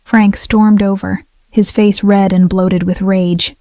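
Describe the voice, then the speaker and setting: A woman narrating a dramatic first-person story in a steady, even way. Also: medium pitch, slow, dry recording, clean studio sound.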